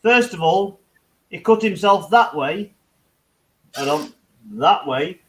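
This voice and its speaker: Recorded in low quality with a little hiss or hum, a British hangout host with a high, expressive, fairly bright voice speaks slowly. Chatting casually among friends, he meanders through stories, curses freely, and laughs at his own expense.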